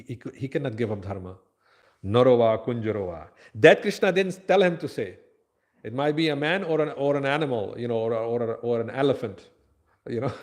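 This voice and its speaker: A man's voice: mid-range voice, darkish tone. A man giving a daily devotional lecture at a temple. He tells scriptural stories in English and drops in Sanskrit and Hindi verses.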